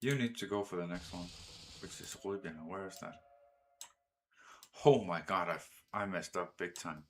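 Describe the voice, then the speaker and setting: A man's voice: low-pitched, slight background noise. A man with a Danish accent, casually commenting on his game as he sets up train routes. He talks to his trains and swears or exclaims when something goes wrong. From Denmark. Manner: slow and drawn out, thinking aloud while setting up routes. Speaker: gaming streamer.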